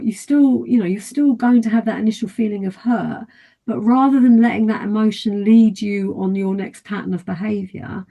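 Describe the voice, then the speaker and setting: A woman, a therapist guesting on a podcast, explaining her ideas at length in a calm, steady teaching tone. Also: mid-range voice, creaky. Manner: acts out quoted inner thoughts in brief asides. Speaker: life and mindset therapist, guest.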